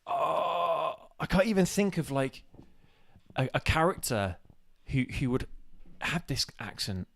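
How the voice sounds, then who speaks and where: A man co-hosting a casual live stream, halting and self-deprecating as he searches for words. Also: a little high, very animated, creaky, a bit bright. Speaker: co-host of a live show.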